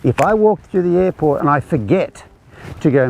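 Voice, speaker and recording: A man's voice: on the high side, big pitch swings, moderate pace, creaky, a little mellow, a little hiss or hum, poor audio. A man teaching a horsemanship clinic, explaining conversationally as he demonstrates groundwork with a horse. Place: outdoor ranch arena.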